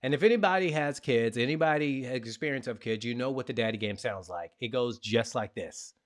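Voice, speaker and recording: A man in his thirties from Richmond, Virginia, hosting a show and telling a personal story in a lively, playful way. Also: mid-range voice, a little fast. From Richmond, Virginia, USA. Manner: animated, playful storyteller who acts out sounds. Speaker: podcast host. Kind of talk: storytelling monologue.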